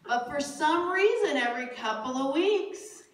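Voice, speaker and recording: A woman with a high voice tells a comic story to a live cafe crowd, taking her time, laughing through it and breaking into shrieks. She sounds far from the mic, in an echoey room with steady background noise. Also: a little slow. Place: cafe stage before an audience.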